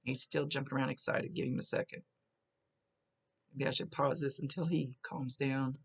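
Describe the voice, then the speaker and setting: A woman psychic medium talks a client through a reading in a chatty way, relaying images as they come to her with many small restarts. Her very deep voice is gravelly, with a steady tone and moderate pace. The recording is dull and lo-fi.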